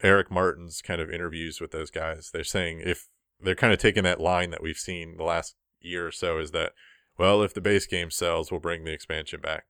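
Young male podcast host, very low smooth voice, dry close mic, laid-back board game news. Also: moderate pace, dry recording. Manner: relaxed, rambling, many ums. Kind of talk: casual podcast chat.

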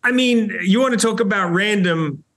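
A man's voice: high-pitched, normal speed. A middle-aged man with a New Zealand accent, chatting animatedly as a guest on a podcast interview. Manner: chatty and animated, with many restarts and laughs. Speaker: show host, podcast guest.

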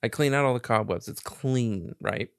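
A man's voice: mid-range voice, moderate pace, vocal fry, smooth, no echo, studio quality. A man telling a long story in casual, profane chat, laughing as he goes.

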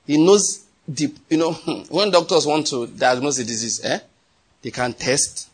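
A man's voice: fairly high pitch, expressive, a little slow, slightly rough. A man preaching a sermon, telling stories, asking the audience questions and laughing often. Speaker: pastor.

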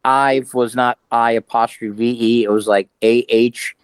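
A man co-hosting a podcast in casual chat, talking in halting, restarting sentences. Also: medium pitch, steady tone, clear, resonant tone, no room sound, poor audio. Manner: hesitant, restarts and trailing thoughts. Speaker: podcast co-host.

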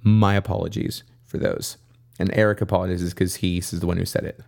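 A man's voice: sits low, flat delivery, fairly quick, vocal fry, a little mellow. A man co-hosting a history podcast, chatting casually and jokily with frequent restarts. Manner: jokey, rambling with restarts. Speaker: podcast co-host.

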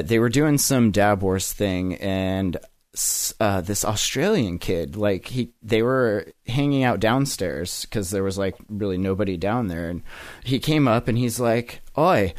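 A man's voice: lowish voice, darkish tone, no room sound, clean studio sound. A man hosting a podcast in casual chat, a laid-back storyteller who laughs often. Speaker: podcast host.

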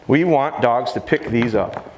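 A man who trains dogs, giving a live seminar and talking fast and jokingly with the crowd in a large hall. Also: mid-range voice. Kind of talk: live seminar talk to an audience. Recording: roomy live hall sound, faint noise.

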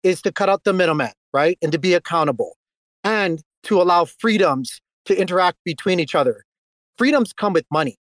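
A man with a high voice on a group call argues his point bluntly and swears freely as he pushes back. The sound is dry and close. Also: expressive, brisk, no echo. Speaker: guest speaker on a voice call. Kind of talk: casual online group chat.

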